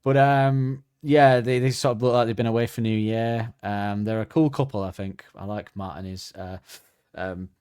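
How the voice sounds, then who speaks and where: Rambling man, low voice. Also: fairly even intonation, normal speed, darkish tone, clean tone, no room sound, studio quality. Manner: rambling, hesitant, many fillers. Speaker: podcast host. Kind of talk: casual chat.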